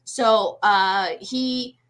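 Bright-voiced woman telling a ghost story. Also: medium pitch, very slow, smooth. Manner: animated, frequent fillers and restarts. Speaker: guest medium. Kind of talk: casual storytelling interview.

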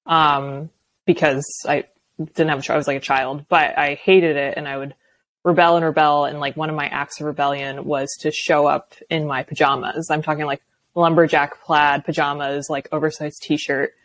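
Low-voiced laughing woman guest. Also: level tone, moderate pace, a bit bright. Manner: laughs often, candid and loose. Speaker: podcast guest. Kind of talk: casual chat.

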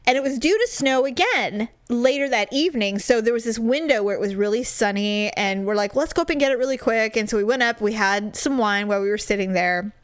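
A woman co-hosting a podcast, telling a story in casual chat, animated and swearing, putting on mocking voices. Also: mid-range voice, a little fast, few pauses, clear, resonant tone, no echo. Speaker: podcast co-host.

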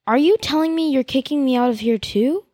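A woman's voice: high-pitched, fairly quick, dark tone, no echo, pitched above the performer's own voice. A woman voicing a defiant young woman villager, heated and pleading. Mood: angry.

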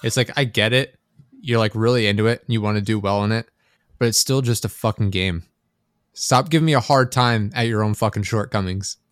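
Young man, casual podcast chat, relaxed and profane, dry close mic. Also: fairly low pitch, a little fast, no echo. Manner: laid-back, swears freely, acts out quotes.

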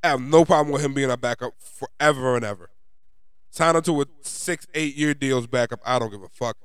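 A young man from New York, his New York accent coming through as he rants. He talks in an emphatic, profane, fed-up way, like a fan vlogger venting. His voice is smooth and resonant, recorded dry and close. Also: medium pitch, fairly quick, fairly bright tone, dry recording. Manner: frustrated, profane, emphatic ranting. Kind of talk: ranting fan commentary.

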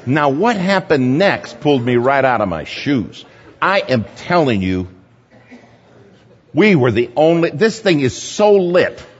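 A man speaking at a church gathering, telling a sermon story in a lively anecdotal way and chuckling at his own tale. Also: a little high, a little slow. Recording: dull, echoey hall recording.

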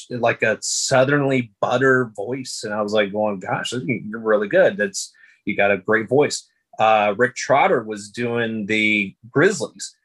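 Male PA announcer, husky, conversational interview storyteller. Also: mid-range voice, poor audio. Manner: storytelling, animated impressions of announcers. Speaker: public address announcer. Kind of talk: casual interview talk.

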